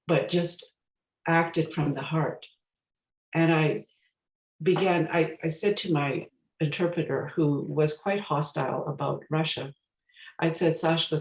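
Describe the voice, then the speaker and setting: A woman's voice: low voice, a little mellow, echoey room, low-quality recording. A woman giving a storytelling talk as a guest speaker, reflective and searching for her words as she goes.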